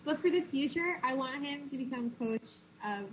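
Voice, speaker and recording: A woman's voice: high voice, normal speed. Easygoing young woman on a muffled mic. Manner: easygoing, asks questions. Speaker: podcast host. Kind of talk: casual fan chat. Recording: dull lo-fi audio with faint noise.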